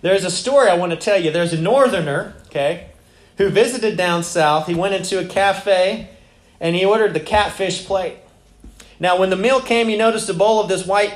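A man's voice: high voice, reverberant. A man preaching a sermon as pastor, talking in a loose, conversational way and turning to ask the congregation questions.

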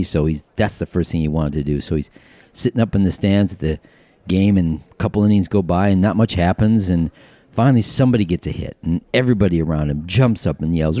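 Low-voiced male podcast host telling jokes. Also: no room sound. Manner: storytelling with put-on character voices and shouted punchlines. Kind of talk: casual joke telling.

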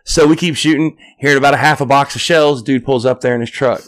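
Guy from arkansas telling a story on a podcast, chill drawl, loud when he quotes people. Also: medium pitch, steady tone, fast talker. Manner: drawling anecdote-teller, acts out quotes in raised voices.

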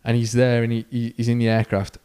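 A podcast co-host with a smooth voice tells a story in a relaxed, chatty manner. He performs the quoted lines of each character with lively shifts in pitch and volume, filling gaps with ums and uhs.

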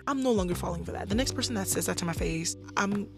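A young woman in her twenties hosting a casual podcast, animated, swinging between loud venting and soft asides. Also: fairly low pitch, quick pace, gravelly, loud music behind the voice. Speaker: podcast host.

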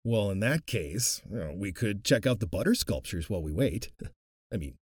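A man's voice: lowish voice, lively intonation, normal speed, breathy edge, no room sound, clean studio sound. A man voicing a laid-back, offhand companion. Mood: easygoing. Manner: casual, offhand.

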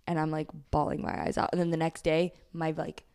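A woman's voice: low-pitched, completely flat delivery, a little fast, darkish tone, clear, resonant tone. A young woman from Texas co-hosting a podcast, telling a rowdy story in casual, profane chat full of laughs and "like"s. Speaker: podcast co-host.

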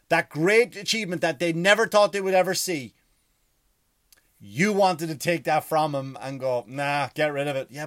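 An Irish man with a voice sitting a bit high for a man, delivering a casual, profane rant. He keeps pressing rhetorical questions in an animated way. The sound is dry, with little room around it. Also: no echo. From Ireland. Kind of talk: casual ranting monologue.

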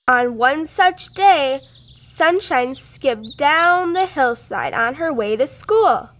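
A woman reading a children's storybook aloud in a gentle, unhurried way. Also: sits high, expressive.

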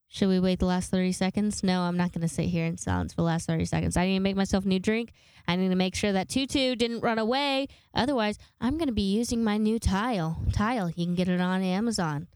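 A woman's voice: medium pitch, fairly even intonation, moderate pace, smooth, no room sound. A young woman hosting a casual solo podcast, rambling and self-deprecating with casual swearing, a little congested from a sinus infection. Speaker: podcast host.

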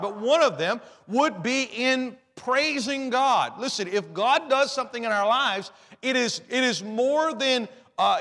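A man preaches an earnest sermon in a high, pushed, bright voice, often repeating and restarting phrases as he quotes scripture. A long hall reverb surrounds the recording.

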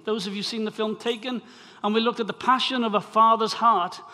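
A man's voice: sits high, steady tone, a little fast, pushed and bright. A Welsh man preaching to a congregation, chatty and prone to restarting his phrases before reading scripture aloud. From Wales. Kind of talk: sermon introduction and scripture reading. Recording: long hall reverb.

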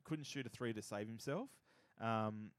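A man's voice: fairly low pitch, unhurried, no echo. A man, chatting casually about sports as a podcast co-host, profane and rambling.

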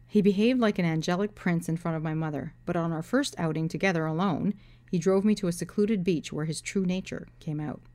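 A woman's voice: lowish voice, fairly quick, warm tone. A woman in her thirties, an author, telling her own story with dry humor and reading from her novel. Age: 30s.

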